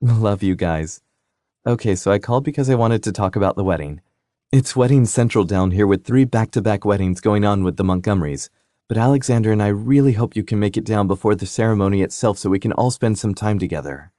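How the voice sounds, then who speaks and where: A man's voice: lowish voice, a little fast, dark tone, no room sound, clean studio sound, voice pushed up, close to an everyday voice. A man voicing a cheerful, teasing young woman in an audiobook, a playful sister. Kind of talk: audiobook character reading.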